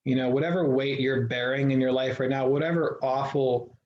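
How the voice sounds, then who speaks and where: A man's voice: mid-range voice, steady tone, a little fast. A man telling his life story as a guest in an interview, earnest and reflective, often restarting his sentences. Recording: echoey room, dull lo-fi sound.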